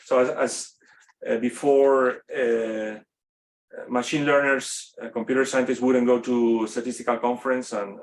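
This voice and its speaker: A man with a Spanish accent, a native Spanish speaker, giving an unscripted course lecture in a classroom, halting often, with many fillers and restarts. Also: mid-range voice, slight background noise.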